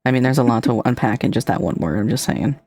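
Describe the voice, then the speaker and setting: A woman hosting a live stream, chatting casually and teasing, her voice jumping up high when she gets excited. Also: quick pace, dry recording. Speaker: streamer host.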